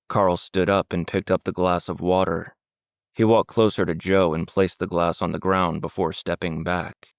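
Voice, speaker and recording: A man narrating an audiobook in a steady, measured storytelling voice. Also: low-pitched, creaky, dry recording, clean studio sound. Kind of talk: scripted narration.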